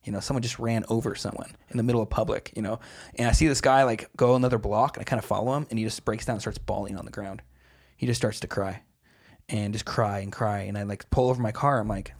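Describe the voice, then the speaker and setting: A man's voice: lowish voice, fairly even intonation, quick pace, vocal fry, husky. A young man chatting casually as a podcast guest, rambling through stories with lots of fillers.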